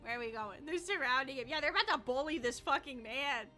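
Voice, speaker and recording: High, lively woman streamer. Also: quick pace, faint music behind. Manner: chatty, giggly, joking. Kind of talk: casual gaming commentary.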